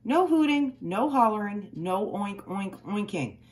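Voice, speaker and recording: A woman reading a children's picture book aloud, with expressive, playful emphasis on the story's sound words. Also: mid-range voice, unhurried.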